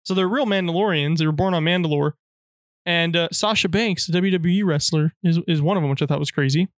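Male podcast co-host, slightly high-pitched, chatty rambling recap, dry mic. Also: quick pace, no echo. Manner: rambling recap, heavy use of "like". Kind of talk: casual chat.

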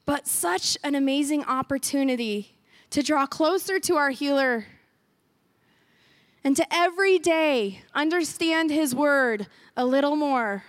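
A woman's voice: sits high, animated, measured pace, dry recording. A woman pastor preaching a sermon in a church, earnest and emphatic, repeating key phrases for weight. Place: church sanctuary.

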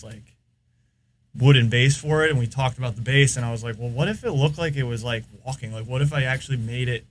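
A man's voice: mid-range voice, a little hiss or hum. A man with an American accent, a podcast guest, telling long rambling stories in casual chat. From United States. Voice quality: rambling, filler-heavy storytelling.

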